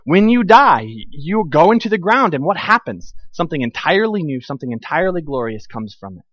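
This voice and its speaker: A middle-aged man preaching a sermon with a fairly high voice, animated and storytelling, acting out the people he quotes. The sound is dry and a little dull, with no room echo. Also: brisk. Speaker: pastor.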